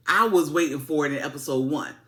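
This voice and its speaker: Sassy animated woman reviewer. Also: deep voice, fast talker. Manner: sassy, animated, repetitive asides. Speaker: TV recap reviewer. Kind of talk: casual video review.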